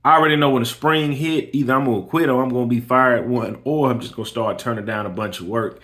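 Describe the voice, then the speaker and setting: A quick, fairly bright mid-range male voice comes from a lawn care business owner with kids giving a motivational personal talk. He's emphatic, often restarts and repeats phrases, keeps saying "listen here", and tells a story with quoted dialogue.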